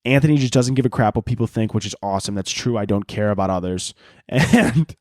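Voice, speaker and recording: A man's voice: lowish voice, brisk, darkish tone, no room sound, studio quality. A young man from the Chicago area hosting his own podcast, ranting crudely and jokingly with lots of fillers. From Chicago area, United States. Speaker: podcast host. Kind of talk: casual solo podcast rant.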